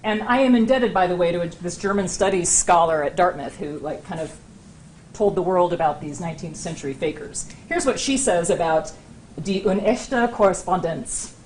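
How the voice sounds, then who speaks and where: A woman lecturing to a live audience in a very animated voice, her pitch rising and falling widely from phrase to phrase. She talks in a loose, conversational way and keeps tossing "right?" and "okay?" to the room. It sounds like a university talk with slides, in a lecture room. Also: a little fast, a little hiss or hum.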